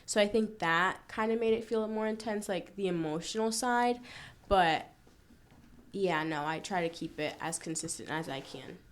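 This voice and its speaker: A woman's voice: mid-range voice, normal speed, a little hiss or hum. A young woman from Florida, a student-athlete guest chatting casually in an interview, with frequent "like" fillers. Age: young adult.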